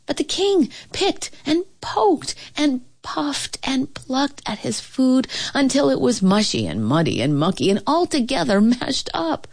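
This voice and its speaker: Animated woman reading a storybook aloud. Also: high voice. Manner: expressive, animated reading with playful slowing for effect.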